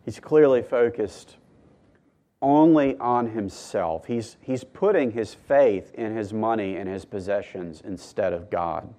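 A man pastor preaching a sermon to a congregation, earnest and teaching, with emphatic rises and quiet drops. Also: fairly low pitch, slow.

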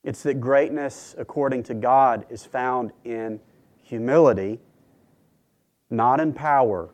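A man preaching a sermon in a measured, earnest way, with dramatic pauses. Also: medium pitch, darkish tone.

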